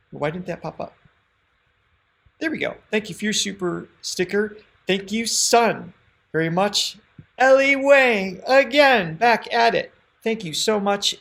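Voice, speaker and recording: A man's voice: high voice, vocal fry, fairly bright tone. A man co-hosting a song reaction livestream, chatting casually, laughing often and thanking viewers by name.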